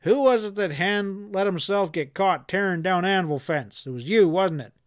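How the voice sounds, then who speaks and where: A man's voice: sits high, normal speed, voice pushed up, natural voice. A man voicing a hard, furious outlaw boss in a western audiobook, snarling and roaring his threats.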